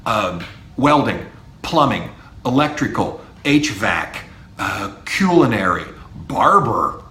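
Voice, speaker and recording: Emphatic professor with a lively voice, echoey room. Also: male voice, lowish voice, slow pace. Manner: lively, emphatic, mimics imagined students. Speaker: university professor, podcast host. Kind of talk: solo podcast monologue to students. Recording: echoey room with faint ambience.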